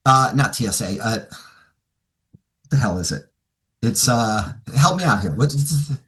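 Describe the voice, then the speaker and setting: At a seminar for financial advisors, a man with a mid-range, slightly bright voice trains the audience through stories. Speaking expressively and a bit slowly, he acts out both his side and his clients' side of conversations.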